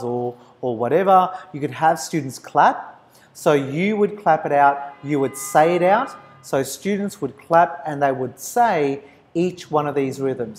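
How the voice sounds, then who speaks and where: Slow-talking male lecturer. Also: on the high side, soft background music. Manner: explains step by step, chants rhythm syllables. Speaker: university lecturer. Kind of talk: recorded lecture.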